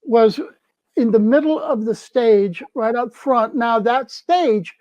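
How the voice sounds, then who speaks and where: A man's voice: very high-pitched, slow, darkish tone, no echo. A man in his seventies, a former festival crew member, tells a story casually and acts out the people he quotes. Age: 70s. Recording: dull, dry lo-fi sound.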